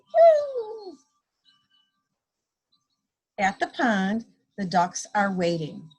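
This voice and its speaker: A woman reads a picture book aloud to children over a video call. Her voice is husky and gravelly, her delivery unhurried, and her pitch swings widely as she acts out each sound. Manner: slow, expressive read-aloud with animal sound effects. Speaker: guest story reader.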